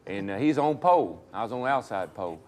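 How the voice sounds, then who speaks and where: A man's voice: lowish voice, animated, a little mellow. An older man, a retired stock car driver, telling racing stories casually and laughing through them. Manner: fast-talking, laughing through anecdotes. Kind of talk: casual storytelling.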